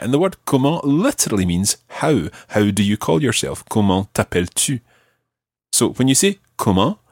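A man hosting a podcast language lesson, patiently prompting a learner and slowing down for example phrases. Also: lowish voice, no echo, clean studio sound. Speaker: language teacher and podcast host.

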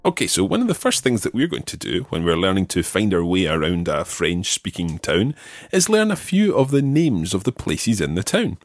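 A man hosting a language-learning podcast, teaching patiently and modelling words clearly for the listener. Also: low-pitched, huge pitch swings, moderate pace, no echo. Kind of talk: language lesson with an ad read.

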